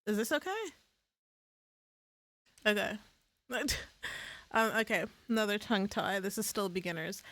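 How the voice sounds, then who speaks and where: A woman's voice: mid-range voice, unhurried, pauses often, fairly bright tone, no echo. A woman streamer chatting casually on a live stream, swearing freely and laughing at her own slips.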